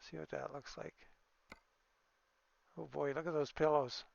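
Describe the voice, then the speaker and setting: Man, gravelly fry, slightly high voice, casual gameplay commentary, dry dull recording. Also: flat delivery, measured pace. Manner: easygoing, thinking aloud with fillers and small exclamations. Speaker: gaming video creator.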